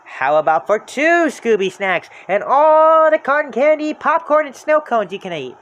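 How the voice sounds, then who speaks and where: A storybook reader voicing a cheerful young woman at a carnival, bright and eager. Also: high-pitched, big pitch swings, moderate pace, dull audio, pitched above the performer's own voice.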